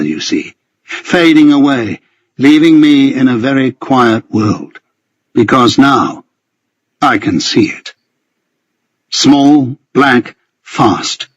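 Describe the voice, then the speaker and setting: A man's voice: mid-range voice, no echo, highs cut off. A man reading a first-person thriller as an audiobook narrator, in tense, vivid storytelling.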